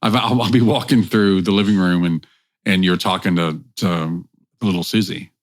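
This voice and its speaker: A man with a notably low voice co-hosts a relaxed podcast chat. He jokes, wanders off track and restarts his sentences. The recording is close and dry, with no room sound. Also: moderate pace, dry recording. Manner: joking, rambling, self-interrupting. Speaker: podcast co-host.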